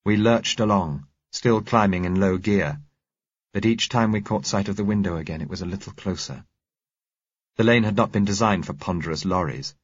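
A man reading a first-person story aloud in a measured, steady narration. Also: sits low, husky, dry recording, dull audio. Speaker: audiobook narrator.

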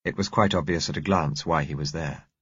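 A man reading a novel aloud in measured, grave first-person narration. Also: very deep voice, a bit bright, slightly rough, no room sound, muffled recording. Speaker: audiobook narrator.

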